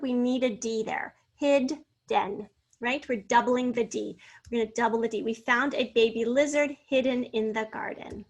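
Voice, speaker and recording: A woman with a slightly high voice teaches a spelling lesson. She sounds out each word slowly and clearly, syllable by syllable, and then reads an example sentence. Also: fairly bright tone. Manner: slow, clearly enunciated, sounding out words.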